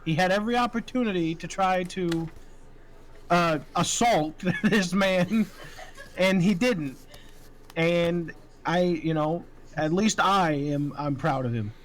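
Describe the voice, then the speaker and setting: A man's voice: sits high, takes it slowly. A man playing a tabletop game, joking and arguing in character and swearing freely. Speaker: player. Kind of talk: casual tabletop chat.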